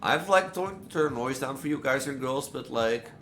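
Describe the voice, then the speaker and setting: A man's voice: medium pitch, expressive, normal speed, fairly bright tone, soft background music. Rambling man commentating a game. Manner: rambling, filler-heavy musing with many "like"s. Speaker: gameplay streamer. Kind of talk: casual let's-play commentary.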